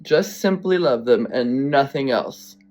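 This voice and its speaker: A man's voice: mid-range voice, lively intonation, unhurried, darkish tone. A man telling a personal story to camera, earnest and emotional, speaking bluntly and swearing now and then. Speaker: vlogger.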